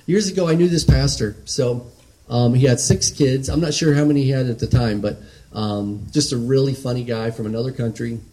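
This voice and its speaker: A man's voice: medium pitch, mellow, poor audio. A man preaching a sermon in an earnest, conversational way, often restarting and checking in with "right?".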